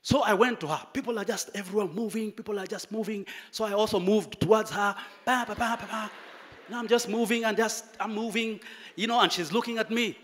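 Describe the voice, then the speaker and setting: Preacher, male, high voice, animated storytelling sermon delivery. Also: fairly quick.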